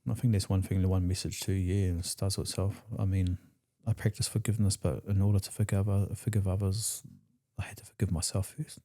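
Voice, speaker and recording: Dark-voiced New Zealand man telling his story. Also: deep voice, flat delivery, brisk, hardly any pauses. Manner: raw and emotional, swears freely, re-enacts conversations. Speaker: podcast guest. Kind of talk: candid personal storytelling.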